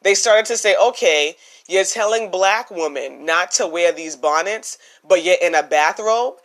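A woman's voice: lowish voice, measured pace, fairly bright tone. Chatty opinionated woman podcaster. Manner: chatty, opinionated, many "you know" fillers. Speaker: podcast host. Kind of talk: casual commentary.

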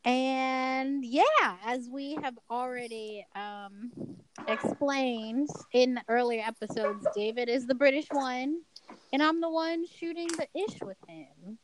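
A woman with a high voice, co-hosting a casual podcast. She teases her partner and laughs a lot. Faint noise sits under the recording. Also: fairly even intonation, slow, rough recording. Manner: teasing and playful, laughs often. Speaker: podcast co-host.

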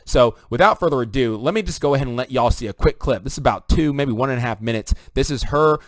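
A man hosting a political commentary vlog, talking rapidly and conversationally to his viewers. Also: mid-range voice, lively intonation, dry recording. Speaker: online commentator.

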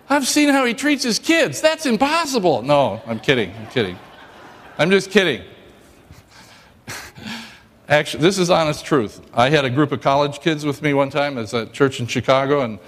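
A male pastor giving a sermon in a church, joking and telling stories in a lively way. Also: mid-range voice, big-room sound.

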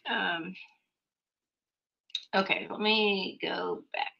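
A woman's voice: medium pitch, fairly even intonation, drawn-out words, gravelly. A woman hosting a talk show, chatty and easygoing as she reads out listener questions. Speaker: radio show host. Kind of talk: casual chat. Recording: dull lo-fi audio.

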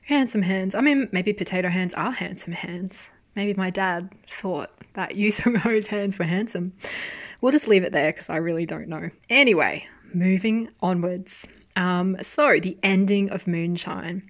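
A woman casually recapping a drama she watched, chatty and animated, with swearing and laughter. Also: lowish voice, a little slow. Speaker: drama reviewer. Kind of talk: casual chat.

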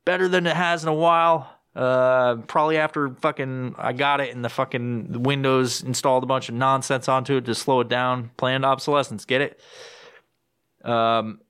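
A man's voice: normal speed, clean tone, no echo, clean studio sound. A young man hosting his own podcast, ranting casually with constant swearing and rambling restarts, recorded on a home podcast mic. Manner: jumps into high excited voice when quoting himself. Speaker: podcast host. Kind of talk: casual solo podcast rant. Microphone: podcast microphone with headphones.

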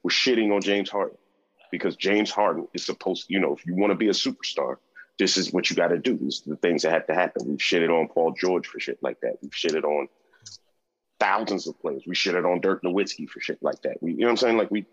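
Podcast co-host: man, low husky voice, blunt, swears freely, muffled lo-fi sound. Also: fairly quick. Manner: profane, emphatic, opinionated. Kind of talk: casual sports chat.

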